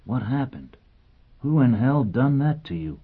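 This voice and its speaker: A man voicing a curious, rough-spoken male orderly aboard a ship, talking in a hushed way, in an audiobook. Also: mid-range voice, very animated, unhurried, voice pushed up, exaggerated voice. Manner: hushed, rough dialect speech. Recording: tinny phone-like sound.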